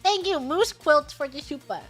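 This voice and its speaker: Young woman streamer, high bright voice, giggly and bubbly, reading superchats over faint music. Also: lively intonation, moderate pace. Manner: bubbly, giggly, sings snatches of songs. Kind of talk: casual livestream chat.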